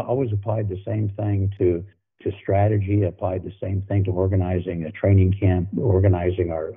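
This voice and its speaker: The former football coach, an older man, has a lowish, slightly rough voice. He tells folksy anecdotes as a podcast guest, frequently repeating himself, over phone-like narrow sound.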